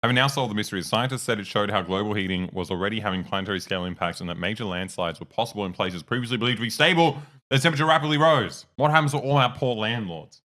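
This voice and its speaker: A man's voice: fairly low pitch, rapid-fire, hardly any pauses, fairly bright tone. Blunt, sweary young man. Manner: swears freely, blunt and jokey. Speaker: podcast co-host. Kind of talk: casual chat.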